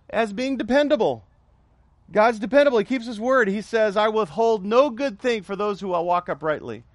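A middle-aged man preaching a sermon in a notably high voice. He repeats his points for emphasis, leads the congregation in call-and-response, and drops in joking asides. The sound is dry and close. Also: moderate pace, no room sound. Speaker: pastor.

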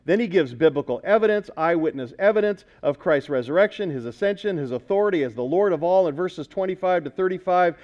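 High-voiced male pastor preaching. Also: animated, quick pace, hardly any pauses, a little mellow, dull audio. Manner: conversational, quizzes the congregation. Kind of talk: sermon.

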